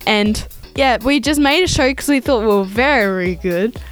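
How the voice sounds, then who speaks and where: A woman's voice: a little high, animated, moderate pace, soft background music. Upbeat girl on student radio. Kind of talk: casual radio chat.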